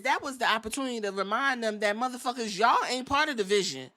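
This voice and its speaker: Sassy woman podcast host, bright and fairly high, profane casual recap. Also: animated, fast, few pauses. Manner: sassy, profane, acts out quotes.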